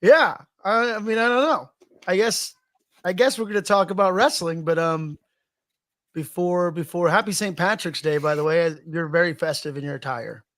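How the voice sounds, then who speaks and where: A man's voice: sits high, moderate pace, fairly bright tone. A man co-hosting a podcast in casual chat, loose and joking, often restarting his sentences. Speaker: podcast co-host.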